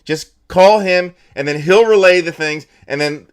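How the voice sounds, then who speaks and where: A man's voice: sits high, unhurried, smooth. A man co-hosting a comedic chat show, flustered and apologetic while juggling the stream. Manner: flustered, apologetic, laughing often. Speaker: co-host running the stream.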